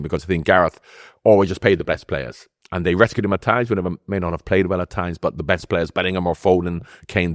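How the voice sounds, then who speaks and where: A man's voice: low voice, no room sound, clean studio sound. A man in his sixties, a guest on a football podcast, talking in a teasing, wry way. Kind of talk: casual football podcast chat.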